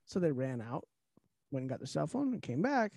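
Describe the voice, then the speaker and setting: A man's voice: a little high, big pitch swings, fairly quick, creaky, a little mellow, no echo. A man co-hosting a podcast, chatting casually, laughing often and steering the topics. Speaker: podcast co-host.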